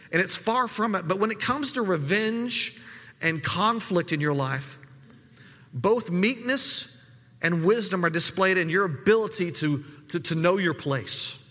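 A man preaching in a church hall with a high, bright voice. He speaks conversationally, repeating words as he gathers his thoughts. A long reverb trails his words. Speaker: pastor. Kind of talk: sermon.

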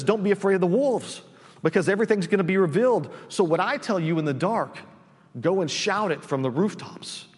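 A pastor with a high voice preaches in a casual, conversational way, often restarting his sentences and checking in with "right?". His voice rings out with a long reverb, as though it fills the church sanctuary. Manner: conversational, frequent restarts and tag questions. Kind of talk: sermon.

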